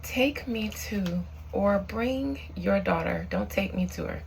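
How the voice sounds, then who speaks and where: A woman working as a psychic medium, leading a spiritual channeling session with slow, solemn invocations and earnest, reflective commentary. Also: medium pitch, gravelly, darkish tone, a little hiss or hum, poor audio.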